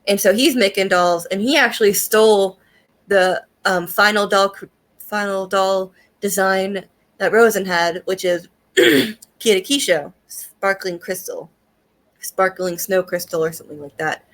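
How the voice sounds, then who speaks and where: A young woman talks through her thoughts on a series in a loose, chatty way, swearing freely and circling back on herself. Her voice sits at a middling pitch, and her manner is easygoing and unpolished. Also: a little slow, a bit bright. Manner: chatty and profane, with frequent fillers and laughs. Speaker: anime reviewer. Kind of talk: casual spoken review.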